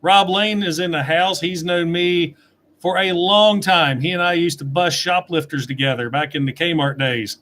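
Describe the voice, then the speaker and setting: Chatty middle-aged man, slightly high voice, casual livestream talk, webcam mic. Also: moderate pace, a bit bright. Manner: chatty, reads out viewer questions. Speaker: toy reviewer answering live chat.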